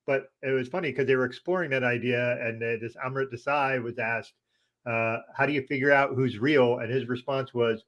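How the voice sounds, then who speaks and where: A man co-hosting a podcast, recounting things in a relaxed, wry way with frequent "uh" pauses. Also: mid-range voice, lo-fi sound. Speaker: podcast co-host. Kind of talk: casual discussion.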